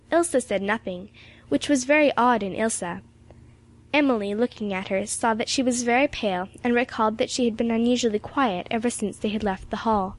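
A woman narrating an audiobook in a steady, expressive reading. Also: fairly high pitch, moderate pace.

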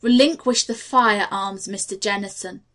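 A woman reading the lines of a calm male detective who gives orders in formal, ornate phrasing in an audiobook. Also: mid-range voice, moderate pace, natural voice. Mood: commanding.

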